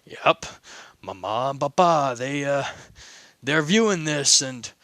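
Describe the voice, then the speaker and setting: Casting: amused older mafia relative, lively wry teasing delivery, read by a man, dry sound. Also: medium pitch, slow, dry recording.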